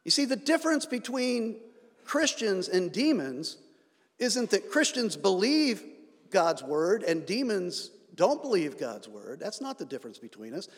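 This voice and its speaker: Pastor, man, sermon delivery, slightly high voice, long church reverb, emphatic builds. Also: big pitch swings, a little slow. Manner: rising emphatic delivery with sarcasm. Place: church sanctuary.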